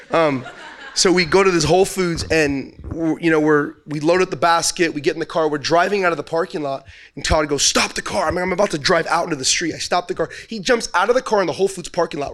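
Male pastor with a high voice, chatty storyteller in the pulpit, quizzes the crowd. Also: a bit bright. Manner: casual storytelling preacher who asks the audience questions. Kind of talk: sermon.

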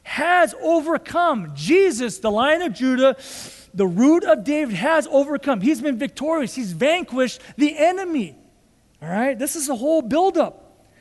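A man's voice: extremely high pitch, very animated, measured pace. A male pastor preaching a sermon, emphatic and fond of repeated rhetorical questions. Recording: long hall reverb.

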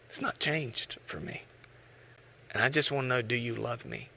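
A man preaching a sermon, telling stories with animated voices and sometimes dropping to a hush. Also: mid-range voice, normal speed, vocal fry, long pauses, slight background noise. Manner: animated storytelling, acting out voices, dropping to hushed tones. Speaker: pastor.

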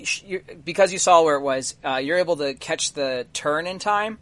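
Higher-voiced man running a tabletop game. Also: normal speed, no room sound. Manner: relaxed, filler-heavy narration. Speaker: game master.

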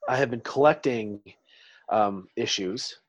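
A man's voice: medium pitch, a little slow, no room sound, lo-fi sound. Male guest, forties, medium voice, meandering storyteller, dry close mic. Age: 40s. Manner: rambling storyteller, trails off and restarts. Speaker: podcast guest. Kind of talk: casual interview chat.

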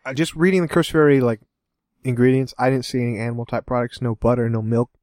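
A man's voice: mid-range voice, steady tone, fast, darkish tone, dry recording. Giggly, jokey male podcast co-host. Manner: jokey and giggly, rambling asides. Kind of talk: casual chat.

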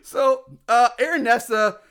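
A man's voice: very high voice, unhurried, clear, resonant tone. A man co-hosting a podcast, casually recapping a film's plot with lots of laughing and swearing. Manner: laughing, profane, animated storytelling. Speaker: podcast co-host recapping a film. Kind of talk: casual chat.

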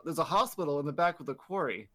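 A man's voice: fairly high pitch, animated, fast talker, a bit bright. Rambling, cursing podcast host, a man. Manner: rambling, profane recap full of filler words. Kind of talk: casual chat.

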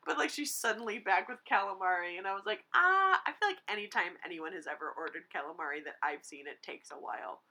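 A young woman in casual chat, co-hosting a movie review, giggly and animated, acting out little voices as she tells the story. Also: on the low side, quick pace, hardly any pauses. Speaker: podcast co-host reviewing a movie.

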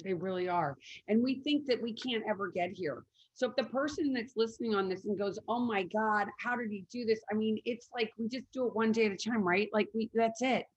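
A woman host talks in an animated, casual way and swears freely. Her voice sits a little high and sounds breathy. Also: a little fast, hardly any pauses, dull audio. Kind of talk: casual conversation.

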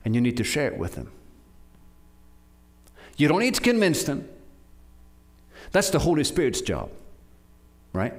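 A man from Norway preaching a sermon, urging his listeners with animated delivery and frequent restarts. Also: medium pitch, a little slow, pauses often.

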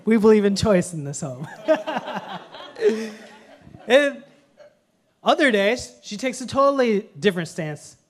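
A man preaching a sermon in a conversational way, mixing humorous family stories with earnest teaching and swinging from hushed lines to loud ones. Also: high-pitched, very animated, slow pace, long pauses. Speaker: pastor.

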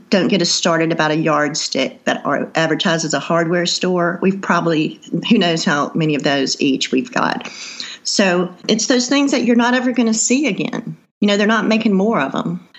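A woman, chatting as a cookbook author guest in an interview, laughing easily and trailing off with fillers. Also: fairly low pitch. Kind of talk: casual interview chat.

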